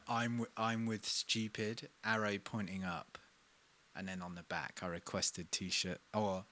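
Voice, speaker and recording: A young man, a singer-songwriter chatting casually on a live stream during a recording session, self-mocking with soft muttered asides. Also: on the low side, a little hiss or hum.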